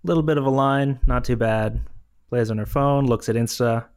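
A man's voice: mid-range voice, normal speed, darkish tone. A young man co-hosting a casual chat, playfully reading passages aloud and laughing often.

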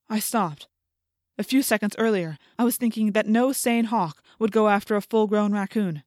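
A woman reading a first-person audiobook in a measured, steady storytelling voice that climbs in intense passages, on a close studio mic. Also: medium pitch, dry recording. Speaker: audiobook narrator.

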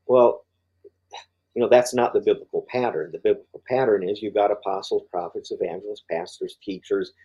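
On the low side and fairly quick, this older man's voice is warm with a breathy edge and fairly even intonation, though the audio is dull. As a podcast interview guest, he rambles through his faith story, full of fillers and restarts.

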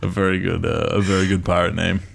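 A man's voice: sits low, little pitch movement, fast talker, gravelly. A young Australian man from Canberra co-hosting a casual podcast, easygoing and a bit hesitant. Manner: easygoing, hesitant with many uhs. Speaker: podcast co-host. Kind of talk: casual chat.

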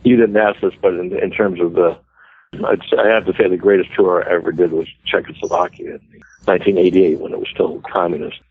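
American guest in his 60s, deep husky voice, dry phone-line sound, rambling anecdotes. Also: fairly even intonation, fairly quick. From United States. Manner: chatty, self-deprecating, laughs easily. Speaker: guest musician. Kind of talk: casual storytelling interview.

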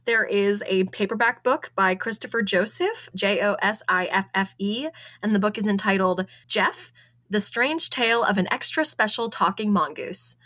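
A woman's voice: medium pitch, a bit bright. A woman co-hosting a podcast, chatting casually while presenting her research notes, often laughing and spelling out names.

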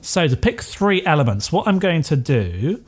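A man's voice: a little high, big pitch swings, normal speed, slightly rough. A man playing a tabletop role-play game, narrating his moves in a playful way. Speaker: player.

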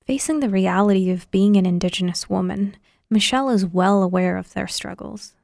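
A woman reads scripted podcast narration in a measured, informative way. Her voice has a noticeable gravelly fry, recorded dry and close. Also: medium pitch, darkish tone, dry recording.

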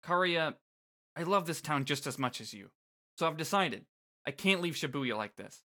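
A man's voice: on the high side, expressive, moderate pace, bright, forceful tone. A man voicing an earnest, frustrated young woman, reading game dialogue aloud on a podcast. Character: earnest young female reaper, frustrated idealist.

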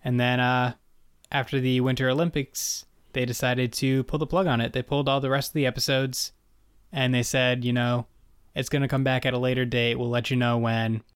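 A man's voice: mid-range voice, a little fast, clear, resonant tone, no room sound. Young man chatting casually, dry sound. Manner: relaxed, recounts facts with filler words. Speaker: podcast co-host. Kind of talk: casual chat reviewing an old sitcom.

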